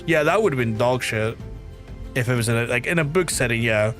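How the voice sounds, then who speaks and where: A young man, chatting casually while playing a game, rambling and animated. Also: medium pitch, fast talker, faint music behind. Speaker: streamer. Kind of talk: casual let's-play chat.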